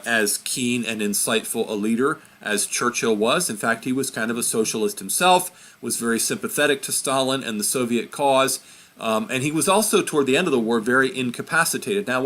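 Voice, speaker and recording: A man's voice: medium pitch, a bit bright. A man giving an informal history lesson, chatty and self-correcting as he points at a map. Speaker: history teacher.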